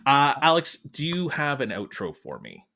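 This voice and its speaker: A man's voice: a little high, gravelly. A man hosting a podcast, chatting playfully and joking at his own expense. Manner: playful, self-deprecating, animated. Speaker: podcast host. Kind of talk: casual podcast banter.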